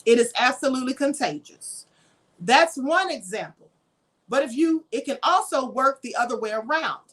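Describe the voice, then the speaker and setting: A high-pitched woman hosts a spiritual livestream, teaching in a conversational, preachy way. She poses rhetorical questions to her viewers and answers chat comments as she goes. She was raised in Kentucky. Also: lively intonation, moderate pace, a bit bright. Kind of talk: live-stream teaching, reading chat comments.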